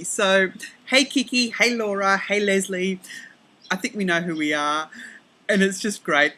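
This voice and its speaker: A middle-aged Australian woman hosting a podcast, chatting casually and rambling with quick self-corrections and asides, recorded outdoors on her deck. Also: mid-range voice, fairly bright tone, poor audio. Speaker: podcast host. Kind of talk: casual chat.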